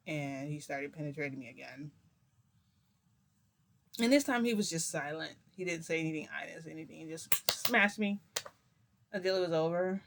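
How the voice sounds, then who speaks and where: A woman's voice: lowish voice, normal speed, long pauses, fairly bright tone. A woman vlogger telling a story in a rambling, giggly, confessional way, with many fillers. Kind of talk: casual storytime vlog.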